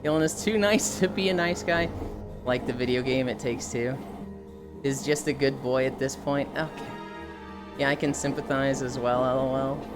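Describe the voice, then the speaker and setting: A woman streamer chatting casually on a live stream, telling stories and acting out quotes in loud mock voices. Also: a bass voice, moderate pace. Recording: background music under the voice.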